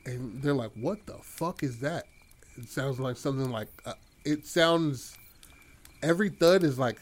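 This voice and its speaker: A man's voice: mid-range voice, a little hiss or hum. A man casually telling a rambling horror story idea to a friend, full of fillers and swearing. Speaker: podcast co-host pitching a horror story.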